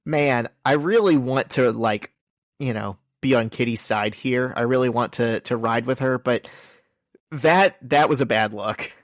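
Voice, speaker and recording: A man co-hosting a casual podcast, summarizing a comic issue and reading out its dialogue in quick bursts. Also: mid-range voice, dry recording, clean studio sound. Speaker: podcast co-host.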